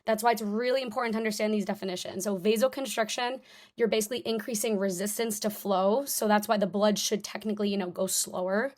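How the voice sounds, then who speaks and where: A chatty young woman leads a live online review lesson, talking loosely with lots of fillers. Her pitch sits in a middle range and she stays informal throughout. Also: steady tone, fast, darkish tone. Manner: casual, chatty, many fillers. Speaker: tutor.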